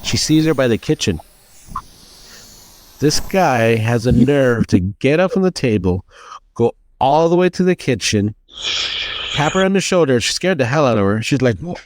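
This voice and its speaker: A man co-hosting a podcast, chatting casually and telling a story, acting out the people in it with lively changes of voice. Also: medium pitch, normal speed, long pauses, dry recording. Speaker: podcast co-host.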